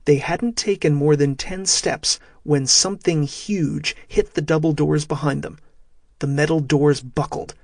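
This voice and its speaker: A man narrating a thriller audiobook in a steady, measured way. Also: on the high side, vocal fry, no room sound, studio quality.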